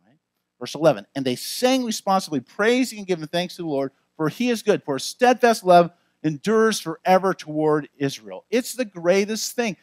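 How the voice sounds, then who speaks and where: In a church, a male pastor preaches with lively, conversational energy, often turning aside to address the congregation. His voice sits high and moves at a moderate pace, with no echo.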